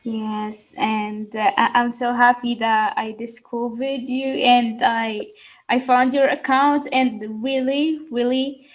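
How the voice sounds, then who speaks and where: A woman from Algeria hosting a podcast, asking questions in a halting, affirming way. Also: on the high side, level tone, poor audio. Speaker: podcast host. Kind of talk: casual interview talk.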